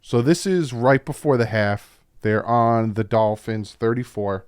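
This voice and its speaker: A man's voice: mid-range voice, unhurried, a little mellow, smooth, no room sound, clean studio sound. A man hosting a casual football film breakdown, talking as an opinionated fan with frequent asides. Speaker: YouTube football film-study host.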